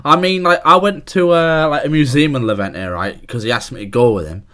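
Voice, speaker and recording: A man's voice: a little high, fairly quick, a bit bright. A young man, co-hosting a podcast and telling anecdotes in a rambling, filler-heavy casual chat. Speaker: podcast co-host.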